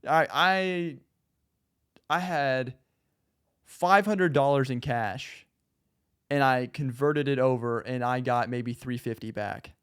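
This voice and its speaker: A man's voice: mid-range voice, takes it slowly, pauses often, fairly bright tone, clean tone. A young man hosting a podcast, talking in an easygoing, chatty way with plenty of fillers. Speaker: podcast host. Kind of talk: casual podcast chat.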